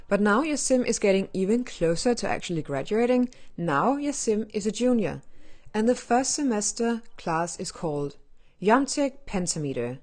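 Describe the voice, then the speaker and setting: A woman's voice: on the low side, darkish tone. A woman hosting a gaming channel, giving casual, playful commentary with nerdy asides while she explains things.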